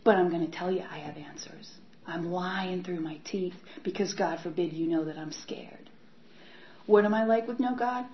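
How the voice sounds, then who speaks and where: A woman giving a candid personal testimony about her recovery, talking in a halting way with many repeats and fillers. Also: lowish voice, a little hiss or hum. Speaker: speaker sharing her recovery story. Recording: dull lo-fi recording.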